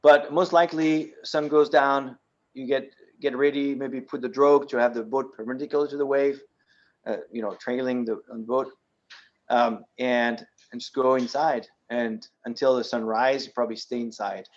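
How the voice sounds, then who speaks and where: Lo-fi sound captures a man from France with a French accent, his mid-range voice fairly even and at normal speed. He's a guest presenter in a yacht club meeting room handling audience Q&A, giving practical step-by-step answers with frequent ums and false starts.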